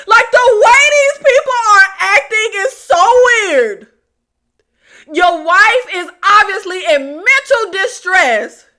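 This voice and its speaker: Animated, bright-voiced woman recapping a show. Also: very high voice. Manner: animated, exasperated, addresses viewers as "y'all". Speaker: TV recap vlogger. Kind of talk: casual review vlog.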